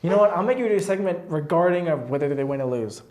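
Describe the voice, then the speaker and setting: A man's voice: a little high, expressive, quick pace, very noisy. A young man hosting a casual student sports talk show, rambling with lots of fillers and restarts. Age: young adult. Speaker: host.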